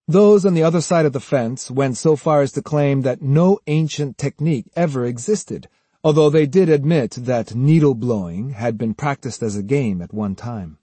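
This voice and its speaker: A man reading a novel aloud as audiobook narrator, in a measured, even way, close to the mic. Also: mid-range voice, slightly rough, dry recording. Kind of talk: scripted narration.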